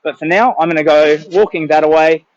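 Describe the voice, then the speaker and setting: A man's voice: on the high side, a little fast, no echo. An older Australian man vlogging outdoors in a city on a phone camera, talking in a rambling, emotional way, with hesitant restarts. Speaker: charity walker vlogger. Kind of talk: casual live-stream chat. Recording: dull lo-fi phone sound.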